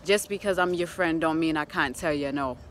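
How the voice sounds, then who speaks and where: A woman imitating a young man from Panama with a put-on Panamanian accent, calmly but firmly saying no. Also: low voice, a little fast, slight background noise, close to an everyday voice. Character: soft-spoken young man giving firm advice.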